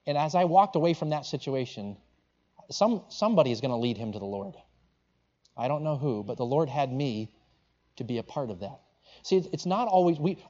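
A male preacher with a mid-range voice tells a sermon story in an animated way, acting out every quote as he goes. The recording sounds slightly dull and lo-fi. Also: mid-range voice. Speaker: pastor.

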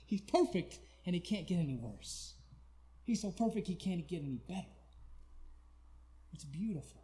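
A man preaching a sermon, swinging between quiet, pleading, drawn-out lines and loud, shouted cries. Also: high-pitched, animated.

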